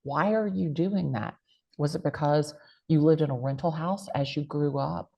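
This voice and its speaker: Low-voiced woman with a country accent. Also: moderate pace, gravelly, warm tone, highs cut off. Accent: American country. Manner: emphatic, folksy catchphrases. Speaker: real estate agent and guest speaker. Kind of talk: motivational interview talk.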